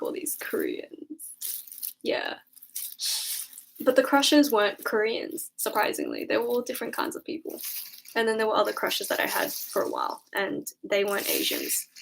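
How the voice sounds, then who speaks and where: Young woman streamer, high-pitched, casual slangy storyteller, faint background noise. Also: vocal fry, poor audio. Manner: chatty, animated storytelling with slang and swearing. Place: home room at night.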